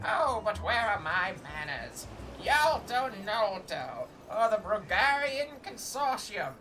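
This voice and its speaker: A woman's voice: medium pitch, sing-song, takes it slowly, bright, forceful tone, exaggerated voice. A woman voicing a jovial, boastful old male merchant with folksy old-timey speech, over game music. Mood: hearty. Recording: music playing underneath.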